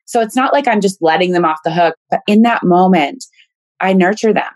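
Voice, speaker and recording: A woman telling candid, animated personal stories in a casual podcast conversation. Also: on the low side, fairly quick, no room sound.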